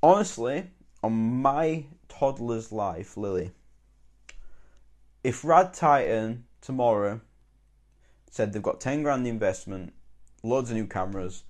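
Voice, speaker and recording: Low-voiced male co-host, blunt and sweary. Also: animated, slow pace, long pauses. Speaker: podcast co-host. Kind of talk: casual podcast chat.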